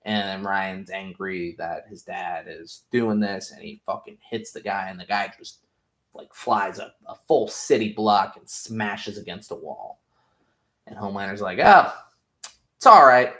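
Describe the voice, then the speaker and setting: A young man recaps a show in a loose, rambling way, full of swearing and excitement. His voice sits on the low side. The room around him gives a roomy echo. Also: measured pace. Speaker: podcast host. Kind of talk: casual recap review.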